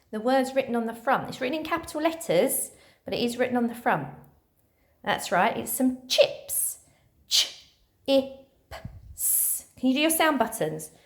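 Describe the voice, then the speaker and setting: Teacher lady doing phonics for little kids, slow and cheery, sounds out each letter, bit high voice. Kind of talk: recorded lesson for children.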